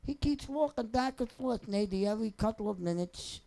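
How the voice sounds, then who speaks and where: A man's voice: sits high, expressive, normal speed, vocal fry, dark tone, low-quality recording. A young man, a singer telling personal stories off the cuff in a rambling, wry, joking way. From New Jersey. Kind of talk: casual off-the-cuff storytelling.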